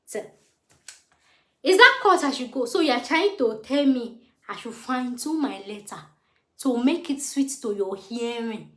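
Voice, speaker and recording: Nigerian woman late 20s, kinda high voice, fired up telling her story, echoey room. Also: measured pace. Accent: Nigerian English. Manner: animated, indignant retelling with acted quotes. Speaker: vlogger. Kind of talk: storytelling to camera.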